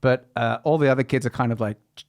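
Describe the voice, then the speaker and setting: A man's voice: medium pitch, fairly even intonation, fast. A middle-aged man hosting a podcast, bantering bluntly with plenty of swearing. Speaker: podcast host. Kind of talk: casual podcast chat.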